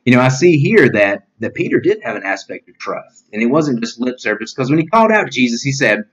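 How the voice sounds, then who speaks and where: A man's voice: medium pitch, very animated, a little fast, few pauses, a bit bright, husky, muffled recording. A male pastor giving an online sermon in an earnest, plain-spoken way, often saying "you know" as he reads scripture and explains it.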